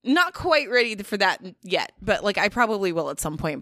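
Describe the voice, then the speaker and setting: A woman's voice: medium pitch, sing-song, moderate pace, no echo. Earnest woman podcast co-host, dry sound. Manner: warm, earnest, says "like" often. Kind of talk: casual chat.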